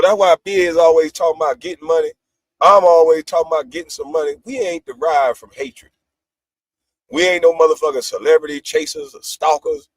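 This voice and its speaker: With a voice on the high side and no echo, a middle-aged man hosting a livestream brags and swears as he rants at his critics.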